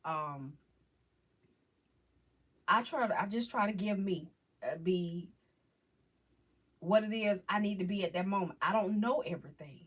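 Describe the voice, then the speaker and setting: A woman hosting a casual live chat with viewers, talking about faith in a halting, rambling, heartfelt way. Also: mid-range voice, husky. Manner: halting, rambling, restarts often. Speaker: livestream host chatting with viewers.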